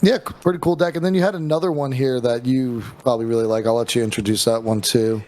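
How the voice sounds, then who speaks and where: Laid-back joking podcast co-host. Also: male voice, mid-range voice, steady tone, fast, a little mellow, poor audio. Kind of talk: casual chat.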